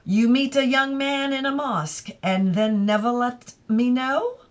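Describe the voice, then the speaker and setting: A woman reading aloud as an eager, curious young Englishwoman with a keen, lively manner. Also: on the high side, unhurried, pitched above the performer's own voice, natural voice.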